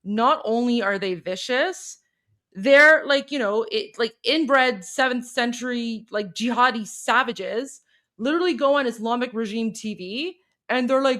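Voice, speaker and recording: A woman's voice: fairly high pitch, a little slow, fairly bright tone. A woman from Iran co-hosts a live stream, speaking heatedly and using lots of fillers. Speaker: co-host.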